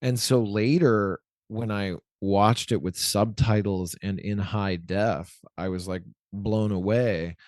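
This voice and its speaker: A man's voice: lowish voice, steady tone, slow, few pauses, a little mellow, no echo, studio quality. A man in his forties chatting as an interview guest, rambling and correcting himself with lots of likes. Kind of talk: casual interview chat.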